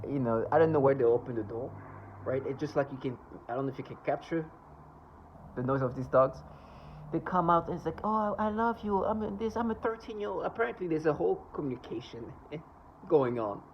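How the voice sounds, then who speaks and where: A man's voice: mid-range voice, slight background noise. Scornful man ranting, dull lo-fi sound. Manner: scornful, insulting, sarcastic; halting, with many restarts and asides. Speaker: vlogger. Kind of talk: rambling personal monologue.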